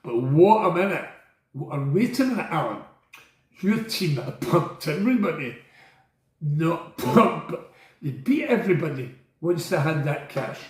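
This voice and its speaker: Rambling man with a high voice. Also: very animated, measured pace, reverberant, poor audio. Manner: digressive, blunt, swears, asks and answers his own questions. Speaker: former prisoner telling stories. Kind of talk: rambling monologue.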